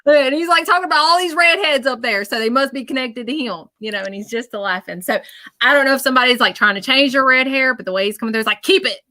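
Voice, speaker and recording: A woman giving a psychic reading on a live stream, chatty and repetitive, often pausing to listen. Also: high voice, sharp tone, dry recording. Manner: chatty, repeats herself, often pauses to listen.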